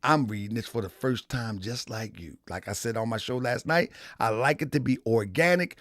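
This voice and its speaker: A man's voice: medium pitch, normal speed, fairly bright tone, dry recording. A man hosting a live stream in a casual, repetitive style, talking straight to his chat. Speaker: live-stream show host.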